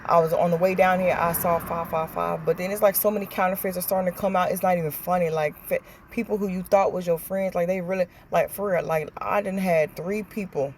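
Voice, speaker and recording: A woman with a Southern American accent, telling stories in a chatty, animated vlog and acting out what people said. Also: fairly low pitch, brisk, hardly any pauses, background noise. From Southern United States. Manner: chatty, animated storytelling with acted-out quotes. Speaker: vlogger. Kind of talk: casual chat.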